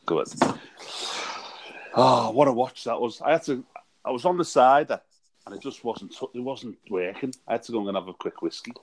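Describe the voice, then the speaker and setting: A man's voice: mid-range voice, moderate pace, gravelly, pauses often. A man co-hosting a casual chat, laughing and swearing freely over a remote call. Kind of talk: casual banter. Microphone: remote call with headphones.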